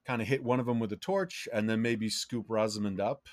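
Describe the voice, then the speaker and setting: A man's voice: fairly low pitch, brisk, dry recording, clean studio sound. A man playing in a tabletop game, speaking hesitantly with many fillers. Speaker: player. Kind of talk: casual tabletop play.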